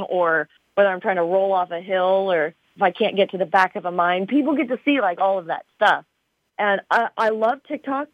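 On a tinny phone line with no echo, a TV show star from Arizona, USA chats bubbly as an interview guest, using many fillers. She speaks at a medium pitch.

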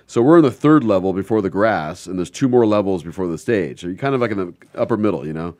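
A man's voice: low-pitched, expressive, fast talker, darkish tone, no room sound. A man hosting a radio talk show in a studio, telling rambling stories in casual chat before throwing to music. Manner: chatty, rambling storyteller. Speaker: radio host.

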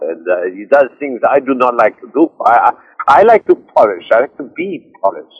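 A man's voice: mid-range voice, big pitch swings, fairly quick, husky. A man voicing a vain male Orange Prince with a French accent, musing and self-admiring, heard through dull lo-fi radio audio. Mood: languid. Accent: French (put on).

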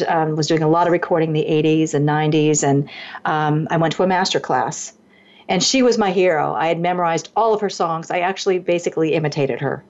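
A middle-aged woman, a singer and voice teacher, telling lively anecdotes as a radio guest, her voice leaping up when she acts out what others said. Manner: lively anecdotes, voice leaps high when acting out quotes. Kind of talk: animated storytelling in a radio interview. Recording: dull lo-fi radio broadcast.

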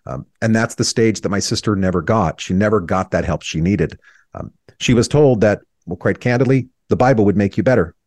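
A man's voice: on the low side, brisk, darkish tone, no room sound. A man in his thirties, an interview guest, telling a painful personal story in an earnest, reflective way, his voice sometimes breaking with emotion.

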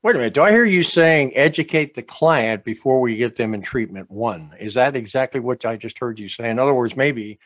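Guy hosting business talk radio, pushy fast patter, dry close sound. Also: mid-range voice, expressive, no room sound. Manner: brisk, pushy salesman patter. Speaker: radio show host.

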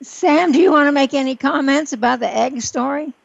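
A woman's voice: high voice, a little fast, gravelly, no echo. A woman hosting a radio interview, speaking in an earnest, urging way. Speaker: radio host. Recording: dull, lo-fi, dry.

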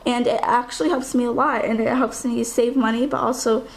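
A young woman with a slight Californian accent co-hosting a casual chat show, chatty and insistent, quick to argue and laugh. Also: a little high, steady tone. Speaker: co-host.

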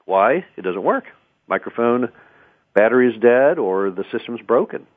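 A man's voice: mid-range voice, sing-song, normal speed, no room sound. A man hosting a radio talk show, giving conversational advice on public speaking and often restarting words. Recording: tinny phone-like radio sound.

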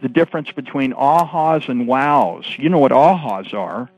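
An animated man tells stories as a radio guest, jumping into the voices of the people he quotes. His voice sits at an ordinary pitch. The broadcast has a slightly dull, muffled sound. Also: normal speed, breathy edge, dry recording. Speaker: guest author and coach. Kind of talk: storytelling interview answers.

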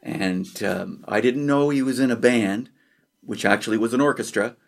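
A man from Canada, a percussionist and author, tells a childhood story as an interview guest. He acts out voices and sound effects and pauses with fillers as he goes. His voice sits at a middling pitch. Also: creaky.

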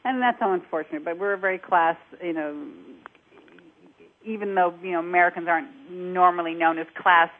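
Accent coach guest, a lower-voiced woman, lively explainer, heard over a phone line. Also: a little fast. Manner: animated, demonstrates accents while explaining. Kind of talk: conversational interview.

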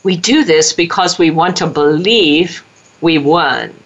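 A woman's voice: fairly low pitch, slow, lo-fi sound. A woman hosting a talk show, urging parents in an earnest, preaching monologue. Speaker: host.

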